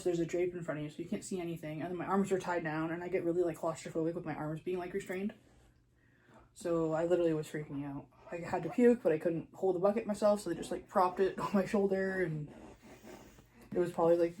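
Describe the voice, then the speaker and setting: A young woman with a mellow, warm voice tells a personal story casually. She talks in a chatty way, with lots of fillers, and acts out what she said in the moment. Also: lowish voice, low-quality recording. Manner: chatty, lots of "like", re-enacts her own panicked lines. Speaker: new mother telling her birth story.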